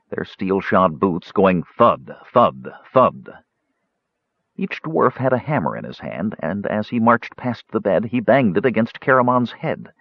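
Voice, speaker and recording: A man narrating a fantasy audiobook in a varied, expressive storytelling manner. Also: lowish voice, creaky, husky, dry recording. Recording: dull dry studio recording.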